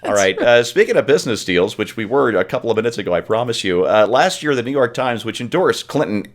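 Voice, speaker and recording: A man hosting a political talk show, setting up questions in a brisk, wry way. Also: mid-range voice, animated. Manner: brisk, wry, reads lead-ins to questions. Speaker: host.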